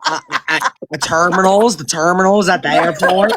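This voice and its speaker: A woman's voice: on the low side, moderate pace, fairly bright tone. Rambling, profane joking woman with faint noise. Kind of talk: casual group chat.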